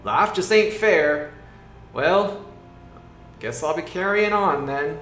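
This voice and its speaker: A shrugging wereboar brute from a tabletop fantasy game drawls along slowly and can't be bothered, as a man puts him on. The voice sits a little above the performer's own, and it rings in an echoey room. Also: fairly high pitch, animated, fairly bright tone, faint music behind, pitched above the performer's own voice. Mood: resigned. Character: wereboar thug, drawling and laid-back.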